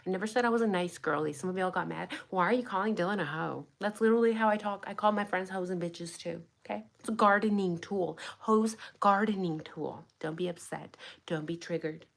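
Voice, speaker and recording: A woman's voice: on the low side, fairly quick, creaky, hardly any pauses. A young adult woman giving blunt, sarcastic true crime commentary in a casual livestream, swearing freely.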